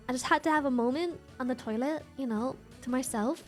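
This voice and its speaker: A woman streamer chatting casually, telling a story in an animated, profane way and laughing often. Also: high voice, fairly quick, faint music behind. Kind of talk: casual livestream chat.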